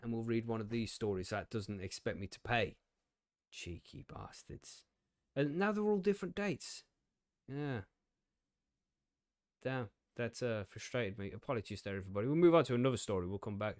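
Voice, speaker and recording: A man's voice: medium pitch, lively intonation, brisk, no echo. A man in his usual middle register hosts a casual live stream, rambling through technical trouble and poking fun at himself. He swears freely and laughs easily. The sound is close and dry, with no room around it. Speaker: podcast host.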